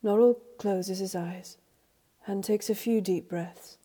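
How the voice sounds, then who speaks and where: A woman reading a story aloud, in a measured, even storybook narration. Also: mid-range voice, husky. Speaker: reader.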